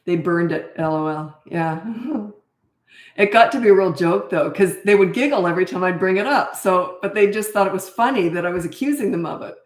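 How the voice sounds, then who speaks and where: A woman's voice: lowish voice, a little fast, echoey room. An older woman and parenting coach from Canada, chatting casually and bluntly in a live Q&A, laughing often and losing her thread.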